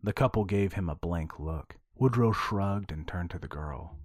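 A man narrating audio fiction in a hushed, breathy manner. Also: low-pitched, normal speed, no room sound, clean studio sound.

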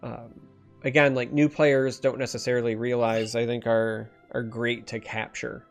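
A man's voice: mid-range voice, level tone, normal speed, faint music behind. A man from northern Michigan with a slightly nasal accent, co-hosting a casual stream chat and explaining game rules at length. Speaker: stream co-host.

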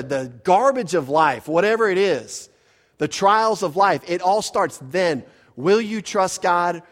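A man's voice: mid-range voice, in a large hall. A man preaching a sermon as a pastor, teaching earnestly and driving home his points with rising emphasis.

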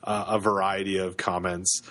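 A man's voice: deep voice, little pitch movement, normal speed, bright, forceful tone. A man in his thirties with a Canadian accent, co-hosting a podcast in casual chat, with many fillers and restarts. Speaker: podcast co-host.

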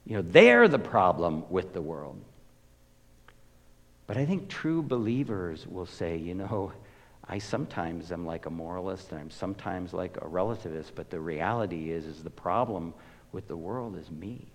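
A pastor preaching a sermon, telling the story with emphasis and swinging between loud and hushed delivery. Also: male voice, low-pitched, lively intonation, normal speed. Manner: emphatic storytelling, rises and drops in volume. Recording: echoey hall with long reverb.

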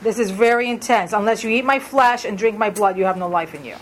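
A woman's voice: mid-range voice, fast, a little hiss or hum, poor audio. A woman leading a Bible study in a conversational way, asking the group questions as she reads through verses. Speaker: Bible teacher.

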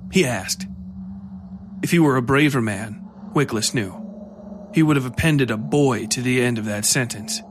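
Man narrating a dark horror story. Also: medium pitch, normal speed, pauses often, over music.

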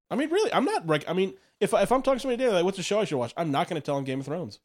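A man's voice: high voice, rapid-fire. A man co-hosting a casual talk show, talking animatedly and acting out little quotes. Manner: animated, acts out quoted voices. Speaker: podcast co-host. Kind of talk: casual chat.

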